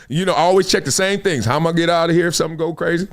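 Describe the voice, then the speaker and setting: A man's voice: fairly high pitch, racing, hardly any pauses. A middle-aged man with a Los Angeles accent hosting a live show, telling a casual story and acting out the scenes and quotes. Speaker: show host.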